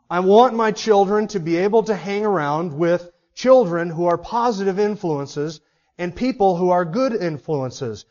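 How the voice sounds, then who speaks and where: Male pastor, high voice, emphatic sermon delivery with rhetorical questions; muffled lo-fi church recording. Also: darkish tone.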